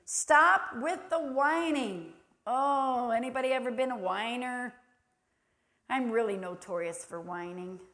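A woman's voice: on the high side, measured pace, a bit bright. A woman preaching a sermon who acts out little quoted voices and laughs easily.

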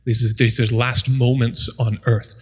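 Man preaching, tells bible stories and does the voices, a bit husky, big echoey hall. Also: mid-range voice, little pitch movement, normal speed. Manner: storytelling, acts out voices of the people in the story. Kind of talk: sermon. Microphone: microphone.

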